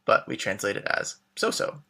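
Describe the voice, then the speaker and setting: A man teaching a beginner language lesson, modeling phrases slowly and clearly, then glossing them and prompting the learner to answer. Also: bright, forceful tone. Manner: clear, slow modeled pronunciation with English glosses. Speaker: French teacher.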